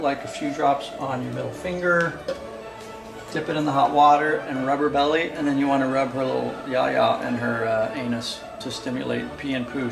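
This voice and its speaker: A man's voice: medium pitch, gravelly, reverberant, rough recording. A man casually explaining how to bottle-feed a baby squirrel, rambling with fillers and restarts. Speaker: pet squirrel caretaker.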